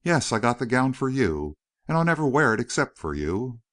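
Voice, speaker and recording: A man reading the part of a poised, sharp-tongued young society woman, voice lifted a little higher. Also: very animated, moderate pace.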